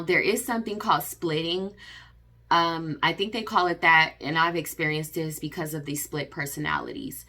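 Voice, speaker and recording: Low-voiced earnest woman vlogger. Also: pushed and bright. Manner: earnest, repetitive, many fillers. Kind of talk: personal advice vlog.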